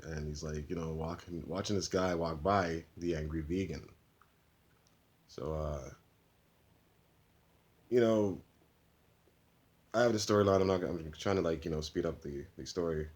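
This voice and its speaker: A man's voice: deep voice, unhurried, pauses often, darkish tone. A man who makes his own movies, casually retelling a plot in a loose, rambling way. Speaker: amateur filmmaker. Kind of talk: casual storytelling.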